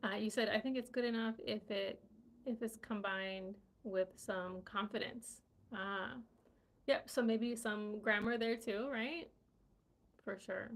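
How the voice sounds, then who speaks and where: A woman's voice: mid-range voice, steady tone, takes it slowly, gravelly. A woman hosting a casual live-stream English lesson, chatty, full of fillers and "right?" checks. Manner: chatty, many fillers and tag questions.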